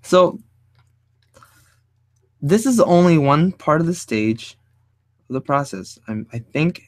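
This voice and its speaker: A man teaching design while he draws, thinking aloud in a casual, rambling way, often hunting for the right word and sometimes speaking low. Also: animated, slow, dry recording. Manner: speaks fairly low and quiet at times. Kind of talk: casual drawing tutorial talk.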